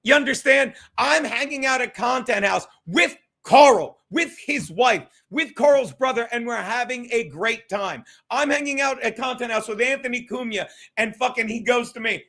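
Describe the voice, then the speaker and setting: A man's voice: extremely high pitch, moderate pace, creaky, few pauses, pushed and bright. A man hosting a podcast, ranting in a profane, mocking, gloating way. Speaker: podcast host. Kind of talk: ranting commentary.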